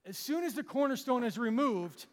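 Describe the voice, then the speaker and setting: Male pastor, high voice, sermon delivery with dramatic pauses, long church reverb. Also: expressive. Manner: self-deprecating, with dramatic pauses and emphatic repetition.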